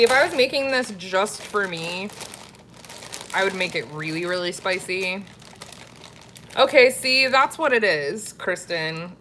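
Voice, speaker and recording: A woman's voice: medium pitch, sharp tone, a little hiss or hum. A woman from Florida chatting casually with viewers on a live cooking stream and reading their comments aloud. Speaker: cooking vlogger.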